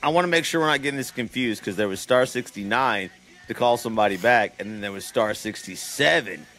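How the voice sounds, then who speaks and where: A man with a gravelly, fry-laden voice co-hosting a casual podcast chat. He talks playfully, and faint music plays underneath. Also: mid-range voice, fast talker, sharp tone. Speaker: podcast co-host.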